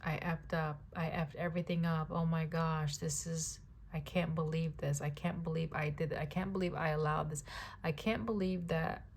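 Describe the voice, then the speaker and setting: A woman's voice: low-pitched, steady tone, moderate pace, slightly rough. A woman voicing the inner thoughts of a remorseful man who berates himself in anguish. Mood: regretful.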